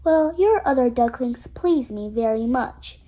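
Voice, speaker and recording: A woman's voice: fairly high pitch, expressive, unhurried, warm tone. A woman voicing a grand, haughty old female duck who speaks in a condescending way, in a storybook reading. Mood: lofty.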